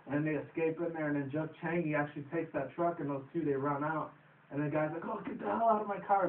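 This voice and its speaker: A young man recapping a comedy movie in a loose, profane, rambling way. He laughs at his own retelling. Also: fairly high pitch. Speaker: vlogger reviewing a movie. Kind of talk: casual rambling movie review. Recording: echoey phone-quality audio from a distance.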